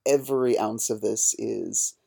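A man's voice: lowish voice, steady tone, a little slow, creaky, warm tone, breathy edge. A man co-hosting a podcast, ranting in a heated, profane, casual way. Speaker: podcast co-host.

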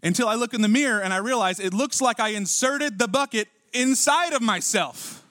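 A man preaching a sermon as pastor, swinging from punchy lines to hushed asides and acting out voices. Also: very high-pitched, a little fast, no room sound, clean studio sound. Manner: animated preaching with sudden drops to quiet and acted-out voices.

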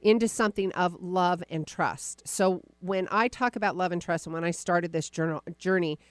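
A woman podcast host coaching a caller live, encouraging and animated, acting out the caller's inner voice. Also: fairly low pitch, normal speed, no room sound.

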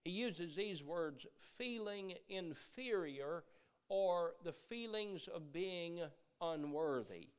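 Earnest preacher man with a fairly high voice. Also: expressive, takes it slowly, smooth. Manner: earnest, stammers and repeats words, swings from loud emphasis to hushed. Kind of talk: sermon.

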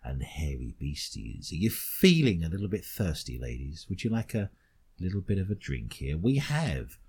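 A man's voice: low-pitched, sing-song, darkish tone, breathy edge. A man hosting a comedy podcast, stretching words out for dramatic effect. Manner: theatrical, drawn-out dramatic delivery. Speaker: host.

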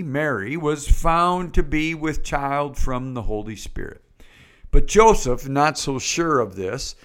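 Male pastor, unhurried storytelling sermon with playful asides. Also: mid-range voice.

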